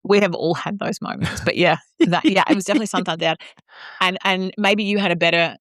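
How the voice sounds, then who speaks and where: A middle-aged Australian woman co-hosting a podcast, telling backstage stories in an animated, blunt way. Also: on the low side, fast talker, no echo, studio quality. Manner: animated storyteller, mimics voices, swears freely. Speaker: podcast co-host. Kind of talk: casual chat.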